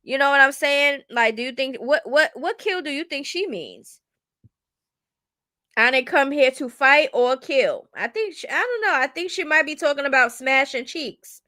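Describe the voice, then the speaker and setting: A woman streamer gives casual reaction commentary in a high, bright voice. She talks bluntly and chattily and keeps checking that the listener follows her. Her close mic sounds dry, with no room to it. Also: big pitch swings, normal speed, no room sound. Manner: blunt, chatty, keeps asking "you get what I'm saying".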